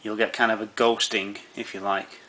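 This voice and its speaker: Lower-voiced man explaining camera settings. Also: little pitch movement, normal speed, sharp tone. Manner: easygoing, many "um"s and restarts. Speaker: camera tutorial presenter.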